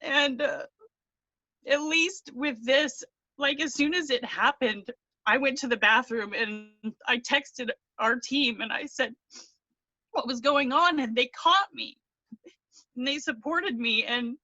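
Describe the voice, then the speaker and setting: A woman speaks slowly in a high, pushed, bright voice, recorded dry with the highs cut off. She's a team member giving an emotional testimonial over a video call, earnest and on the verge of tears, rambling and starting over.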